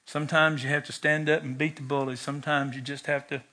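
A man's voice: a little high, quick pace. A man preaching a sermon, telling a personal story and acting out its lines. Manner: animated storyteller, shouts quoted lines. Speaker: pastor.

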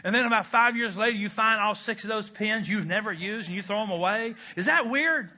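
Bright-voiced man preaching with humor. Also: high voice, fairly quick. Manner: animated, humorous, asks the congregation questions. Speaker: pastor. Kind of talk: sermon.

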